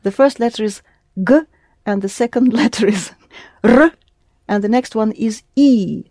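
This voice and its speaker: A woman's voice: on the high side, measured pace, warm tone, no echo, studio quality. A woman teaching a lesson in English, explaining patiently and prompting her student with questions. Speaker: Russian language teacher. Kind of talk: one-on-one language lesson.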